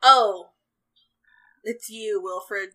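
A man's voice: sits high, drawn-out words, bright, forceful tone, heavily acted, low-quality recording. A woman voicing a short, wiry old farmer who speaks in a cranky, blunt, rustic way. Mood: dry. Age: older.

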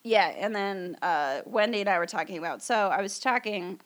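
A woman's voice: mid-range voice, moderate pace. A woman co-hosting a podcast at a table during a livestream, chatting casually and rambling with lots of fillers. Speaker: podcast co-host. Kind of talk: casual chat.

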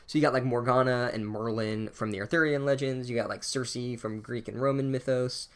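A young man giving a sarcastic, profane comedic book recap with wry asides. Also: mid-range voice. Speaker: podcast host reviewing a book.

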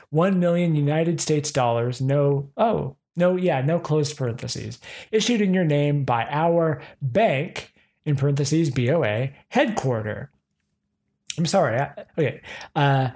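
A man's voice: a little high, a little mellow. A man giving a comedic reading of a scam email, spelling out every comma and space with mock precision and breaking off for amused asides. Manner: reads aloud punctuation and spacing with dry mock precision. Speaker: comedic reader.

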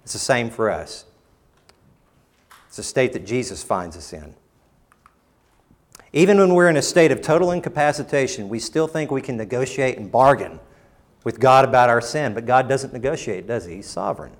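A man preaching a sermon, rising to emphatic bursts and dropping low and quiet, sometimes acting out quoted lines in mock voices. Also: expressive, moderate pace, long pauses. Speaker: pastor.

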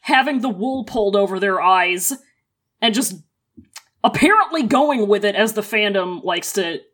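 A woman's voice: mid-range voice, animated, normal speed, fairly bright tone. A woman co-hosting a casual book discussion, ranting with heavy profanity. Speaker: podcast co-host.

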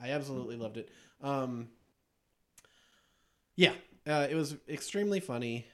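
A man hosting a podcast, chatting casually about movies, enthusiastic and quick to laugh as he recounts scenes with plenty of fillers. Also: mid-range voice, animated, a bit bright. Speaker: podcast host.

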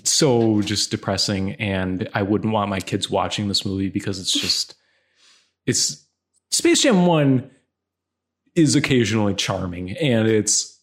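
A man co-hosting a casual film chat, sarcastic and ranting, his voice jumping up when annoyed. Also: on the low side. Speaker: podcast co-host.

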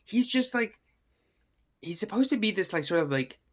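A podcast co-host in casual movie-review chat, talking in an animated way, swearing and acting out their own reactions. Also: medium pitch, moderate pace.

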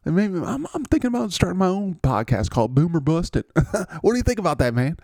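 A man's voice: high-pitched, very animated, a little mellow, no room sound, clean studio sound, voice pushed up. A man voicing a cheerful, easygoing male football player with a Southern US accent, laughing and drawing out "man" in a comedic podcast bit. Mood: giddy. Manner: giddy, laughing, drawn-out "man".

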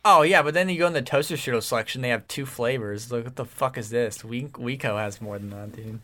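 A man co-hosting a casual podcast chat, excitable and rambling, swearing freely as he tells stories. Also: mid-range voice, a little fast. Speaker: podcast co-host.

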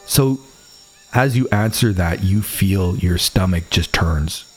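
A man narrating as game master at a tabletop game, in a relaxed, conversational way. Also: sits low, takes it slowly, husky, soft background music.

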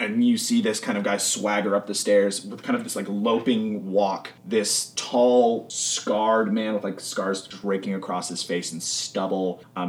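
A man narrating as game master in a casual, rambling way, full of fillers. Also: on the low side. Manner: casual, filler-heavy description. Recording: roomy sound, mic at a distance.

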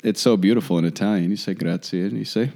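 Deep-voiced man chatting casually. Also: gravelly, dark tone. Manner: rambling, halting. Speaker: podcast co-host. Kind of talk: casual chat.

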